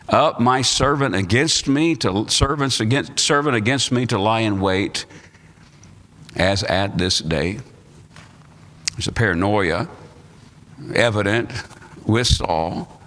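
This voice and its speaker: American pastor preaching in a reverberant church. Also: male voice, medium pitch, slow pace, long pauses, fairly bright tone. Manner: reads scripture aloud then preaches with rising emphasis. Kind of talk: Sunday school sermon. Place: church sanctuary. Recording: live church recording with long reverb.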